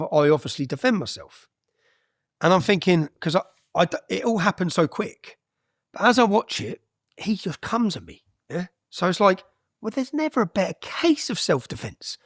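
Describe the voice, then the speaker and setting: A man's voice: high-pitched, fairly bright tone, dry recording, clean studio sound. A man, a guest on an interview podcast, telling his story bluntly and with energy, with frequent "yeah?" tags and some swearing.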